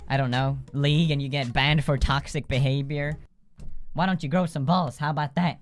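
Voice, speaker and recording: A young man hosting a gaming video, telling comic stories in a casual, profane, animated way and laughing often. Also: mid-range voice. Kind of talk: casual comedic storytelling.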